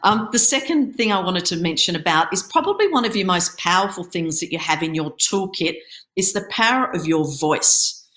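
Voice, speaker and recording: A woman with a fairly low voice talks through presentation tips in an instructive coaching tone, now and then tripping over a word. She speaks over a video call. Her voice bounces around a roomy, echoey space. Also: animated, normal speed, a bit bright. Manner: instructive, coaching tone with occasional stumbles. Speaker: startup accelerator program manager giving a pitching workshop. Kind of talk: online presentation.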